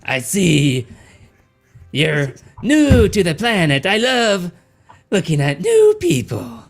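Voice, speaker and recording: A man's voice: sits high, wildly swooping pitch, slow, gravelly, faint music behind, voice pushed up, exaggerated voice. A man voicing a friendly, feathered, bird-like male alien who is cheerful and eager.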